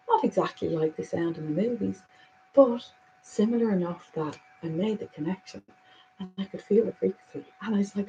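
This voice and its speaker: A woman's voice: mid-range voice, fairly quick, muffled recording, slight background noise. Earnest woman sharing spiritual thoughts. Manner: earnest, animated, swings between soft and emphatic. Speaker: spiritual speaker. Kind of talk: reflective spiritual monologue.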